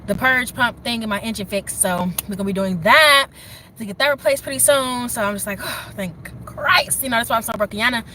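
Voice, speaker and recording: A young woman rambles happily to her livestream chat in a bright, forceful, slightly high voice. She is standing outside in the snow and talking into her phone while faint outdoor noise hums behind her. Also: fast talker. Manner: excited, rambling, talks straight to chat. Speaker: livestream host.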